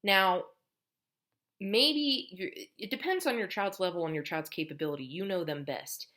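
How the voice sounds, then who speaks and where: A woman's voice: lowish voice, expressive, fairly quick. A woman speech teacher explaining patiently to parents, step by step, how to build a child's language at home. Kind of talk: instructional lesson for parents.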